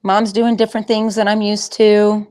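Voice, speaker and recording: A woman's voice: mid-range voice, flat delivery, moderate pace, a little mellow, clear, resonant tone, natural voice. Nervous little mare talking in her head, fretful and unsure, a woman doing the voice. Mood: worried. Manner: hesitant, fretful, self-doubting. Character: timid uncertain young mare horse.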